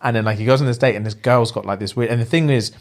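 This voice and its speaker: A young man telling a story as a podcast co-host, slangy and animated, acting out what people said. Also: mid-range voice, very fast. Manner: animated, slangy, acts out quotes. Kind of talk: casual storytelling chat.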